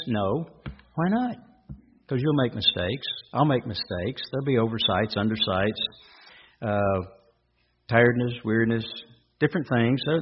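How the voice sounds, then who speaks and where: A man's voice: medium pitch, dull audio, a little hiss or hum. A man preaching a sermon, asking rhetorical questions and repeating his points for emphasis.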